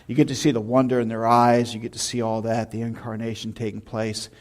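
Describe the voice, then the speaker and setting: A man's voice: medium pitch, a little fast. Man preaching a storytelling sermon. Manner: storytelling, animated anecdotes with shouted imitations. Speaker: pastor. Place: church sanctuary.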